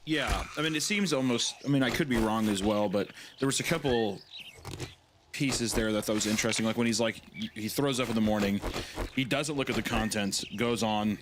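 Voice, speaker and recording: A man's voice: fairly low pitch, fairly quick. A man co-hosting a podcast, telling stories casually, swearing a lot and acting out voices. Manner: animated storytelling, swears often, acts out voices. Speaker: podcast co-host. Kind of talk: casual chat about a creepy story. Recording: loud background noise.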